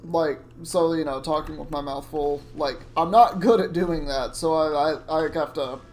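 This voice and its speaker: A man's voice: on the high side, moderate pace, a little mellow, a little hiss or hum. A man streaming a video game, chatting casually and reacting aloud to what happens on screen. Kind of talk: casual gameplay commentary. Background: game music.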